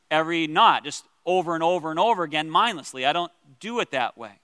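A man teaching as a pastor about prayer, earnest and gentle, with pauses and restarts. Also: fairly high pitch, expressive, clean tone, no room sound, in a large hall.

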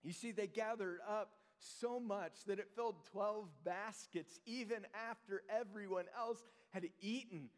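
High-voiced pastor preaching in a reverberant hall. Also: male voice, steady tone. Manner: earnest, drops to soft slow emphasis. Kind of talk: sermon.

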